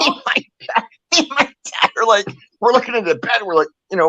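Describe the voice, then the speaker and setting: Animated older woman storyteller. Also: mid-range voice, fairly quick, no room sound. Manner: animated storyteller, laughs often. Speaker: co-host. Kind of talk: casual chat.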